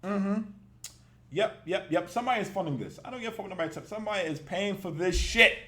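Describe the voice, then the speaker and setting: High, lively-voiced man ranting bluntly. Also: fast, reverberant. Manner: blunt, profane, laughs often. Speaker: reaction video host. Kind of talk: casual ranting commentary.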